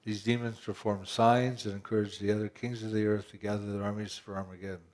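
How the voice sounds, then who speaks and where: A man's voice: lowish voice, level tone, fast, darkish tone. A man pastor preaching a conversational sermon, asking rhetorical questions and often restarting his phrases.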